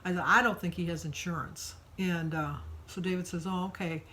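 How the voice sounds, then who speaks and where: An older woman recounts her day to the camera in a relaxed, rambling way. Her voice sits a little low. A faint hiss runs under the recording. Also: brisk, poor audio. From Michigan. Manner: chatty storytelling with fillers. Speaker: vlogger. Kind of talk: casual daily vlog.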